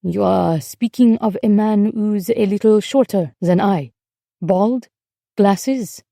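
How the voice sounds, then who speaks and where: A woman reading the lines of a weary, secretive French husband in an audiobook, in a low, guarded and tense way. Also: slow pace, gravelly, warm tone, dry recording, clean studio sound.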